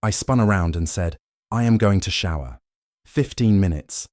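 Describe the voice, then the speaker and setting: A fierce young werewolf Luna, as a man reads her, speaking in a cold, scornful, cutting way. The voice sits deep and low, and it sounds close and dry. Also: animated, normal speed, darkish tone, no room sound. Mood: bitter.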